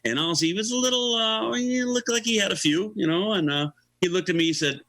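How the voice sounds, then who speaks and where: A man's voice: high voice, a little fast, sharp tone, no echo, low-quality recording. A middle-aged or older man, a guest musician, telling a long story in an interview, acting out the voices of the people he quotes and laughing often.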